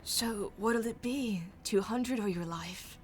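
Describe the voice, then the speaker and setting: A woman's voice: medium pitch, voice pushed up, lightly acted. A woman voicing a sneering female rogue arms dealer with a light voice, cool and menacing. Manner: sneering, unhurried.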